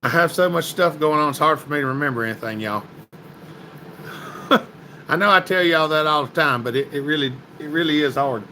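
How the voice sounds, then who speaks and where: A chatty man with a drawl runs a casual livestream, greeting viewers by name. His voice is bright and forceful and sits a little high. A faint hum of background noise runs under it. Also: brisk, pauses often, rough recording. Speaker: livestream host. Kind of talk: casual livestream chat reading comments.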